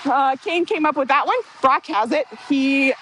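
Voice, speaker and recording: A woman calling play-by-play for a youth hockey game, excitable and openly rooting for her team. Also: high-pitched, normal speed, a little hiss or hum, poor audio. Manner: excitable, partisan, apologizes for getting worked up. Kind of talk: amateur youth hockey commentary.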